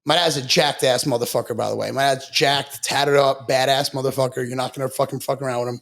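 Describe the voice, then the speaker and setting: A man's voice: mid-range voice, fairly even intonation, quick pace, gravelly, few pauses, fairly bright tone. A man from Long Island, a podcast guest, telling his story in a blunt, profane, casual way and saying "bro" a lot. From Long Island, New York.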